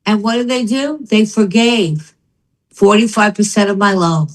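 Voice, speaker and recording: An older woman, a business founder and guest, telling her story in an interview with emphatic, animated delivery. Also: on the high side, normal speed, poor audio.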